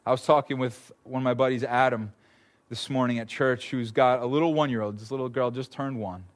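A man in his thirties preaching a sermon as a pastor, telling stories with lively, sudden loud bursts. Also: medium pitch, a little fast.

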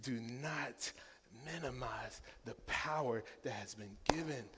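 A male pastor in his thirties preaching a sermon with call-and-response, moving between hushed, tender passages and loud, rousing exhortation. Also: medium pitch, slow pace, slightly rough. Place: large church sanctuary. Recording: long hall reverb in a church.

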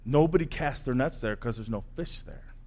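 A man's voice: medium pitch, expressive, normal speed, darkish tone, pitched below the performer's own voice, close to an everyday voice. A man voicing a blunt, skeptical grown fisherman who speaks in a casual, exasperated way.

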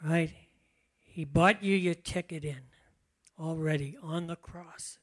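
An older pastor speaks in a relaxed, chatty way, laughing often. His voice sits fairly high, and he takes his time, drawing out the words he wants to stress. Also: slow. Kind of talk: conversational sermon.

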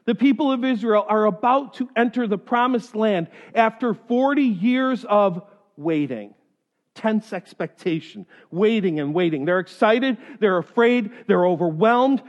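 High-voiced preacher in a reverberant hall. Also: male voice. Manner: animated storyteller, acts out other voices. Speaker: pastor. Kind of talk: sermon with personal stories. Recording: dull sound in a reverberant hall.

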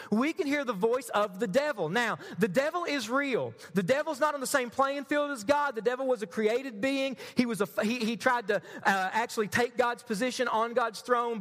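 A man's voice: very high voice, a bit bright, in a large hall. A man preaching a sermon as a pastor, addressing the congregation directly and with self-deprecating humor.

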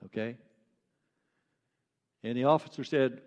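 A male pastor with a notably high voice delivers an earnest sermon. He circles back and repeats phrases to drive each point home. His words ring out with a long reverb in a church hall. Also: animated, measured pace.

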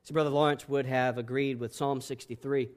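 A man preaching a sermon as pastor, boisterous and emphatic, swinging between loud declarations and hushed, soft passages. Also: mid-range voice, flat delivery, a little fast.

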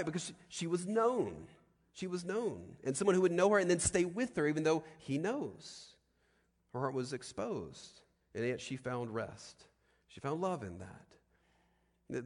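A man's voice: medium pitch, long reverb tail. A man preaching a sermon emphatically, often asking his listeners rhetorical questions.

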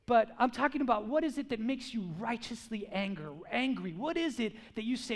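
A man with a strikingly high voice delivers a sermon. He speaks with emphasis, keeps putting questions to his listeners and acts out what people say. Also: expressive, a little fast, few pauses. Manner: emphatic, asks the crowd questions, acts out quotes. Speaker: preacher.

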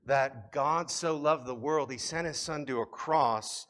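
A man preaching a sermon to a congregation, swinging between loud appeals and quiet reflection. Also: medium pitch, a little slow. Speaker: pastor.

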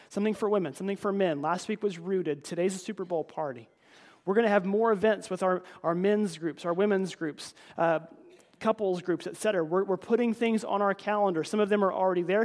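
A man's voice: high voice, fast talker, a little mellow. A man preaching a conversational sermon in a church, earnest, often repeating words and calling the congregation folks. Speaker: pastor.

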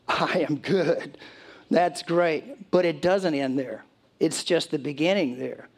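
Preaching as pastor, this middle-aged man has a fairly high pitch. He takes scripture slowly and deliberately before shifting into a conversational address to his congregation.

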